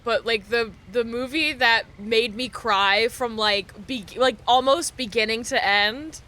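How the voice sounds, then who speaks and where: Young woman streamer, casual chat, bright and slightly high, laughs a lot, swears. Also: measured pace, few pauses. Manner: animated, laughing often, swearing freely.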